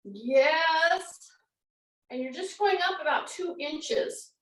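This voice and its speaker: A woman's voice: high voice, slow, recorded from a distance. A woman fitness instructor, coaching a class through exercises and repeating cues. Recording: echoey room, away from the mic.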